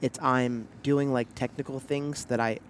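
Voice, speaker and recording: A man's voice: medium pitch, steady tone, a little slow, slight background noise. Joking, self-deprecating young man co-host. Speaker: podcast co-host. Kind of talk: casual couple's podcast chat.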